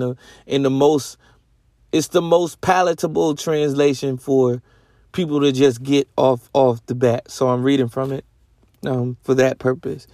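A man's voice: medium pitch, mellow, no echo, studio quality. A man hosting a podcast, teaching the Bible in a casual, rambling way with lots of slang and self-corrections. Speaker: podcast host.

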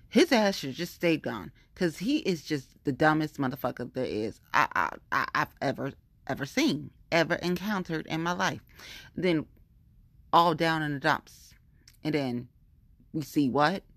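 Low-voiced woman ranting profanely. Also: fairly bright tone, no echo. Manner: profane, heated, repetitive venting. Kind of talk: casual ranting monologue.

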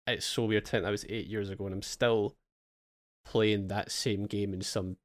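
A young man with a lowish voice hosts a casual gaming podcast. He tells long relaxed stories and swears freely. The sound is dry and close. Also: moderate pace, dry recording. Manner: relaxed storytelling, swears, acts out his past excitement. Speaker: podcast host. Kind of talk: casual chat.

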